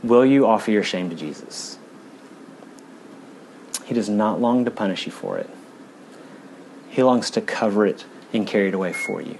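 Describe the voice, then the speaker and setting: Preaching in a church, the male pastor sounds earnest and shifts between fast, emphatic runs and quiet, low moments. The voice is expressive and gravelly, with a little hiss or hum underneath.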